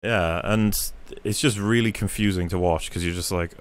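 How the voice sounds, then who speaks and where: A man hosting a podcast, retelling film scenes in a rambling, profane, animated way. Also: on the low side, fairly quick, few pauses, clean tone. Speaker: podcast host. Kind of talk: casual podcast discussion.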